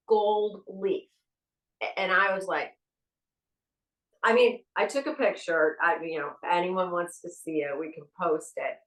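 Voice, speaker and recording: A woman hosting a podcast, telling stories in a casual, animated way and acting out the dialogue. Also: mid-range voice. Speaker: podcast host. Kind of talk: casual storytelling. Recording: roomy sound from a distant mic.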